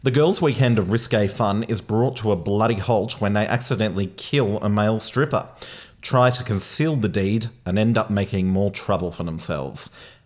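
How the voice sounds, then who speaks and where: A man from Australia, hosting a casual film review chat with relaxed, hesitant restarts. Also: on the low side, normal speed.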